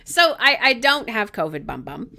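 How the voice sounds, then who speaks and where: A woman's voice: a little high, sing-song, moderate pace, gravelly, noisy background. A young woman from Canada hosting a live radio show, with irreverent chat full of jokes, laughter and swearing.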